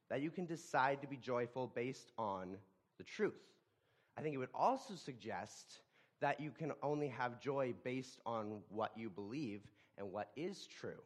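A man preaching a sermon in a middle-pitched voice. He talks in a halting way, often repeating words and restarting his sentences as he explains a scripture passage.

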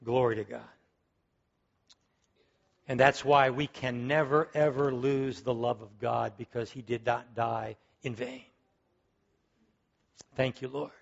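A man's voice: medium pitch, level tone, slow pace, vocal fry, long pauses, lo-fi sound. A man preaching a sermon, emphatic and fervent, repeating key words as he builds to strong peaks. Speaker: pastor.

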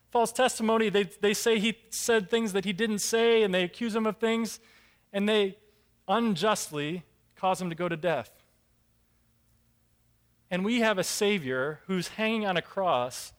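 A man preaching a sermon, telling a Bible story with lively acted-out voices and emphatic rises. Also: sits high. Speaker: pastor.

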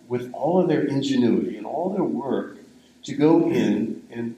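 A man's voice: mid-range voice, animated, measured pace, dark tone, reverberant, low-quality recording. An older man giving a sermon in a conversational, rambling storytelling way. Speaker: pastor.

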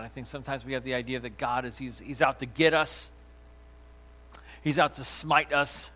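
A pastor giving a sermon in a man's voice of ordinary pitch. He presses key lines out loud and firm, then drops to a hushed near-whisper to let a point land.

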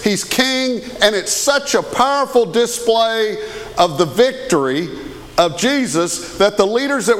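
A man's voice: high voice, fairly bright tone. A man, preaching a conversational sermon as a pastor and often asking the congregation questions. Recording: long hall reverb.

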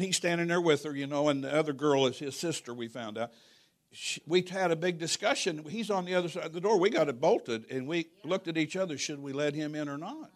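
A man preaching a sermon in a church, telling a story with jokes and swinging from hushed to loud. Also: fairly high pitch, a little fast.

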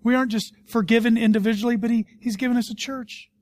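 A middle-aged man preaching a sermon as a pastor, telling stories with animation and dropping to a hush for serious points. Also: very high-pitched, fast, no room sound. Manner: animated storytelling, swings between loud and hushed.

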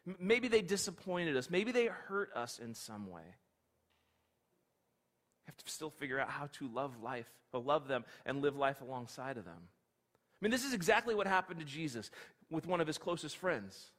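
A male pastor telling a story in a lively, conversational sermon, his high voice swooping up and down. The sound carries a long hall reverb. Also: moderate pace.

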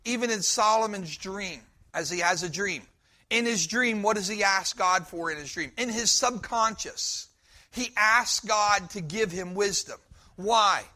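A man's voice: high-pitched, a little slow, sharp tone. A man preaching a sermon, a pastor speaking with emphatic, building force and repeating his points.

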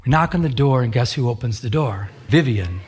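A man's voice: mid-range voice, animated, brisk, darkish tone, breathy edge. A male pastor preaching a sermon, telling a personal story in an earnest way with frequent restarts.

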